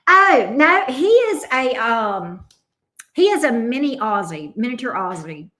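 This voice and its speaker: A woman's voice: fairly high pitch, sing-song, a little slow, bright, forceful tone. A woman hosting a casual livestream. She greets viewers by name and coos affectionately over her dog. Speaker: tarot reader hosting a livestream. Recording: roomy echo.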